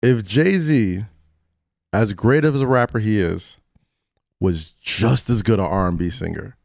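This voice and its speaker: A man co-hosting a podcast, arguing a point in a casual chat, animated and full of restarts. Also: lowish voice, unhurried, creaky, no echo, clean studio sound. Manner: animated, argumentative, restarts often.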